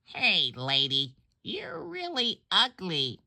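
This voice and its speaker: A woman's voice: mid-range voice, wildly swooping pitch, slow pace, creaky, pushed and bright, pitched above the performer's own voice, full character voice. A woman voicing a rude, cheeky pet-store parrot that taunts bluntly. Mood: taunting.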